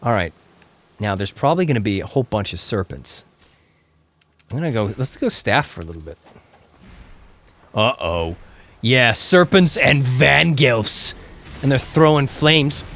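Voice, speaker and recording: A man's voice: mid-range voice, big pitch swings, unhurried, pauses often, a bit bright. A young man, rambling casually about gadgets and reading chat while he streams a game from home. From England. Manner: rambling, chatty, swears when the game goes wrong. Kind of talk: casual gameplay commentary.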